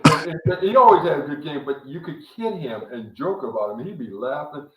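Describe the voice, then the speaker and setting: A man's voice: a little high, lively intonation, a little fast, a crowd in the background. A man in his seventies hosting a podcast, chatting casually and repeating words as he tells stories. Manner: repeats words, loose storytelling. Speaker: podcast host, former player. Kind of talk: casual chat. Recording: echoey room.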